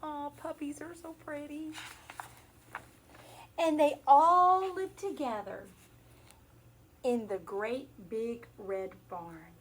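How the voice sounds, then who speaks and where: A woman teacher reading a picture book aloud to young children, stopping to ask questions and make animal noises. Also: sits high. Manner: slow, sing-song storytelling with questions and animal noises.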